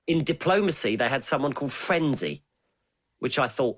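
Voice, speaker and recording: A man's voice: medium pitch, moderate pace. A man co-hosting a casual podcast, hesitant and searching for words. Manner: hesitant, lots of fillers and restarts, lively intonation. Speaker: podcast co-host. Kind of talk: casual chat.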